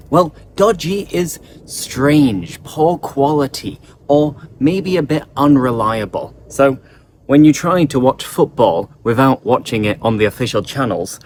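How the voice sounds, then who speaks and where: A man's voice: mid-range voice, animated, measured pace, a little hiss or hum. A man with an English accent teaching a language lesson at home. He acts out each example sentence expressively. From England.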